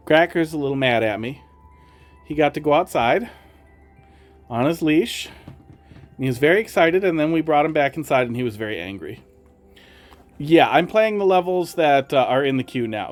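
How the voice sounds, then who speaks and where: A man with a slight Wisconsin accent, streaming and chatting casually with viewers while talking to his cats in a sing-song voice. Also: fairly high pitch. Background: faint music.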